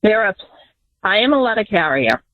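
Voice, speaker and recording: A woman's voice: mid-range voice, very animated, moderate pace, no room sound. A woman calling a radio show as a letter carrier, speaking earnestly with some hesitation. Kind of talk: call-in radio caller. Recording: phone line.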